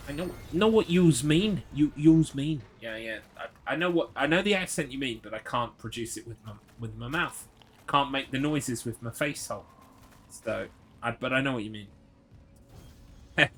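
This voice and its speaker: A man's voice: medium pitch, sharp tone, a little hiss or hum. Male streamer, casual live chat over gameplay, rambling anecdotes, swears a lot. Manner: rambling, swears freely, chatty asides. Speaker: streamer playing a horror game.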